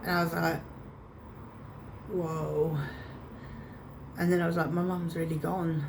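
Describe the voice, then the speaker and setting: A woman's voice: on the low side, steady tone, measured pace, long pauses, a little mellow, a little hiss or hum. A woman telling a painful personal story to camera, emotional and reenacting her own past words. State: choked up. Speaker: vlogger.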